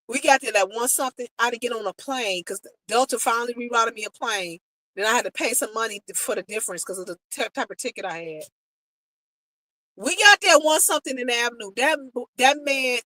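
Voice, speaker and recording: In a rough, dry recording, a slightly high-voiced married American woman shares a personal travel tale with her viewers. She's casual and emotional, quoting people and acting out their words as she addresses the audience directly.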